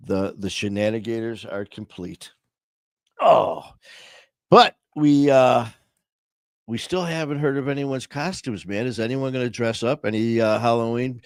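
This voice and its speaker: Hosting a laid-back livestream, a man with a smooth, medium-pitched voice wanders from topic to topic, tells cheesy jokes, and leans heavily on fillers. It's a dry recording with clean studio sound.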